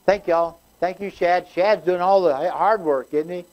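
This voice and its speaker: A man's voice: high-pitched, fairly even intonation, a little slow, darkish tone, poor audio. A man leading a community constitution class, folksy and chatty with frequent restarts. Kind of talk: casual community class talk.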